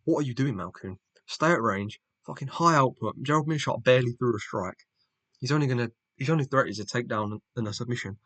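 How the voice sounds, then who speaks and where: A man's voice: mid-range voice, fast talker, fairly bright tone, dry recording. A man recapping fights in a casual, blunt, opinionated way, swearing and mocking fighters. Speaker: MMA fan reviewer.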